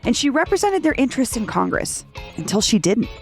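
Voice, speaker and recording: Woman, podcast host, scripted narration, dramatic delivery, animated pitch. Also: fairly quick, vocal fry, faint music behind.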